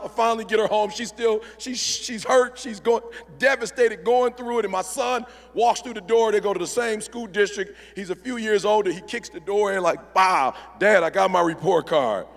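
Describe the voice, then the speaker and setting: A man's voice: sits high, fairly even intonation, normal speed, a bit bright. A middle-aged man giving a motivational speech on stage, talking in a punchy, preacherly call-and-response style. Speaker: motivational speaker. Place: large event hall. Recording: long hall reverb.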